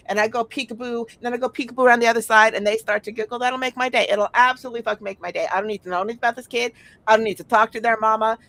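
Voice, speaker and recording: Blunt, profane woman with a gravelly voice. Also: fairly low pitch, fairly bright tone. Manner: blunt and profane, with frequent sighs and restarts. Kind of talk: candid casual chat.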